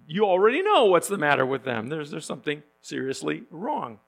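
Brief: man preaching, folksy and joking, halting with fillers, fry in the voice. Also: on the high side, very animated. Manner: conversational and joking, with frequent fillers and restarts. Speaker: pastor. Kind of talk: sermon.

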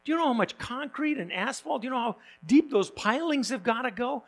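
A man's voice: very high-pitched, expressive, pitched above the performer's own voice, full character voice. A man voicing an exasperated male genie in a joke told during a sermon, firing off incredulous questions. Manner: incredulous, rapid-fire questions.

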